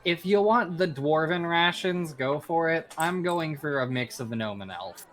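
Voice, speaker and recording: A man's voice: fairly high pitch, lively intonation, a bit bright. A man voicing a sensible female harpy adventurer, talking casually and reasonably. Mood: reasonable. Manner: casual, reasonable, a bit halting.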